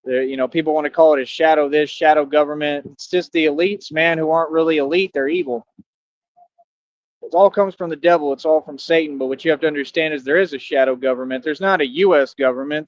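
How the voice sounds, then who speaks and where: A fairly high-pitched man rants on a live stream in a repetitive, slangy way, hammering the same points over and over. The audio is dry and a little dull, with no room around it. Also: dry recording. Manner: emphatic, repetitive, slangy street talk. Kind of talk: rambling live-stream monologue.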